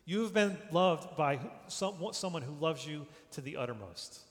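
Male preacher with a slightly high voice, emphatic and repetitive, dropping to a hush on key words; recorded with long church-hall reverb. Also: animated, moderate pace. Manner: emphatic, repeats phrases, drops to a hush at line ends. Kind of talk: sermon.

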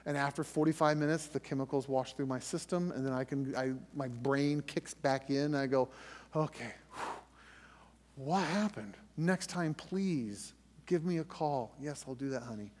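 A man's voice: mid-range voice, moderate pace, darkish tone, in a large hall. A middle-aged man hosting a faith podcast, telling a personal story in a conversational way with frequent restarts. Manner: conversational storytelling with restarts, rising tension when reliving the scare. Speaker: podcast host.

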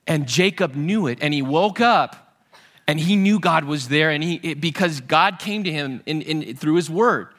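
A man preaching a sermon, retelling a Bible story with lively acted-out voices and frequent restarts. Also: fairly high pitch, normal speed. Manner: animated storytelling, acting out Bible characters' voices. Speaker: pastor.

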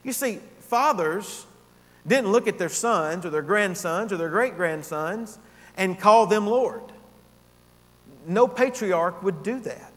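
A man's voice: high-pitched, expressive, slow pace. A man preaching an expository sermon, teaching earnestly and rising in emphasis on key points. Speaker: pastor. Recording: long hall reverb.

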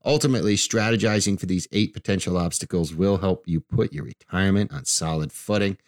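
A man's voice: deep voice, a little fast, no echo, clean studio sound. A man hosting a financial radio show, talking in a chatty, loose way with frequent restarts. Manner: chatty, restarts often, laughs easily. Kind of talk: casual radio talk.

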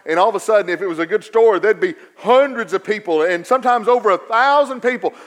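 A man preaching a sermon, swinging from quiet stretches to raised, emphatic repetition. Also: sits high, quick pace. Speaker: pastor.

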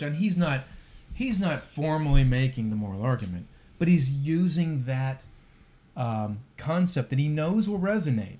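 A man's voice: on the high side, darkish tone. Wry, thoughtful man in casual talk. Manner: thoughtful, wry, with many restarts. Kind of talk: casual discussion of apologetics.

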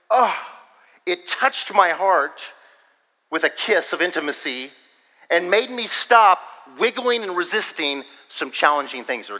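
A man's voice: on the high side, pushed and bright. A man preaching a sermon as pastor, earnest and confiding, drawing out words for emphasis. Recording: long hall reverb.

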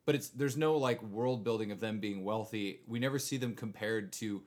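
Wry, critical man in casual chat. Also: lowish voice. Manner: wry, critical, halting with many "like"s. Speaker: podcast co-host. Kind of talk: casual chat recapping a TV show.

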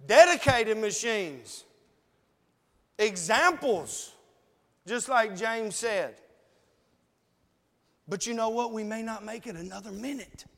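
A man's voice: high voice, expressive, slow pace, vocal fry, long pauses, bright, forceful tone, in a large hall. A man preaching a sermon, earnestly pleading with his congregation. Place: church.

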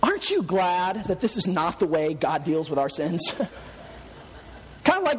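A man preaching a sermon, animated and swinging from hushed to loud, laughing often as he tells stories. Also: sits high, normal speed, slight background noise. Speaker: pastor. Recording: long hall reverb.

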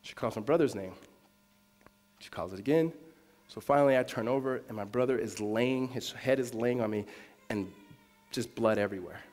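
A man preaches a sermon in the middle of his voice range, telling a personal story. He drops to near whispers and then rises to loud, high emphasis. A long hall reverb trails every phrase. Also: moderate pace, long pauses. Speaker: pastor.

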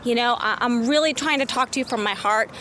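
A business coach's voice, a little high and a little fast, comes through with slight hiss or hum. She walks her neighborhood outdoors while vlogging motivation to viewers, emphatic and casual, cursing freely in excited moments.

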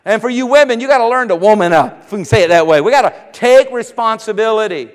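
High-voiced preacher in a hall. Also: male voice, animated, fast talker. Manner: storytelling, laughing at himself, building to fervent preaching. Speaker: pastor. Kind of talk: sermon with personal story.

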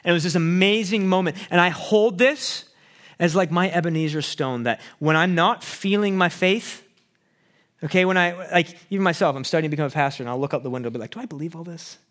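A young man from Canada gives a personal testimony in a casual, earnest voice that sits a little high for a man. He talks the way people talk, with plenty of fillers and restarts, and a self-deprecating, conversational warmth. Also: fairly quick. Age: young adult. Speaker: pastoral student sharing testimony.

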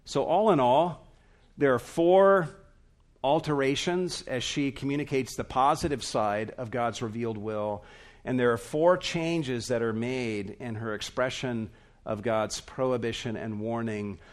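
A man's voice: medium pitch, measured pace. A man preaching a sermon as pastor, earnest and emphatic, stretching out stressed words.

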